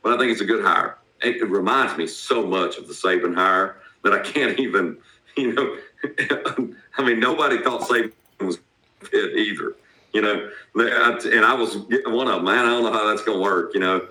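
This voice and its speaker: A man with a heavy Southern accent talks sports in a blunt, folksy way. His voice sits low but bright and forceful. The room around him has a strong echo. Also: moderate pace. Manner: blunt, folksy, laughs often. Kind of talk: casual sports talk.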